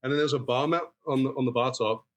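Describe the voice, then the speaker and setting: A man's voice: medium pitch, fast talker. A man, a guest bartender, telling a story in casual talk and acting out the people in it with a raised voice. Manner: animated, acts out quotes in raised voice.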